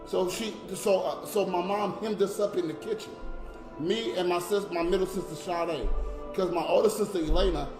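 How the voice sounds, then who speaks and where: A man's voice: high-pitched, roomy sound. A man telling an emotional personal story in a repetitive, profane, impassioned way, urging listeners not to give up.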